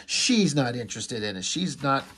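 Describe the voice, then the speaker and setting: A man's voice: medium pitch, sing-song, normal speed, fairly bright tone, slight background noise. A man casually recapping a comic book issue, rambling and loose, paraphrasing the characters as he goes.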